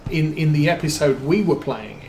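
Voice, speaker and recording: A man's voice: a little high, normal speed, gravelly, darkish tone, echoey room, slight background noise, poor audio. A man streaming a game, telling a long rambling story with many fillers and restarts. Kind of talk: casual storytelling while playing a farming game.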